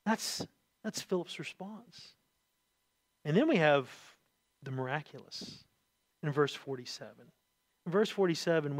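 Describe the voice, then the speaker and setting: A man preaching with a high, light voice, recorded dry and close with almost no room sound. He is animated, repeating words as he goes, dropping to quiet asides and rising to loud emphasis. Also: dry recording. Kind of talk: sermon.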